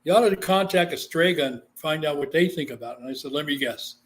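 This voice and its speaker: With a fairly high pitch and a fast pace, a man from Guam who is a psychic medium recounts a story in a casual interview. His delivery is animated, and he voices the characters he quotes.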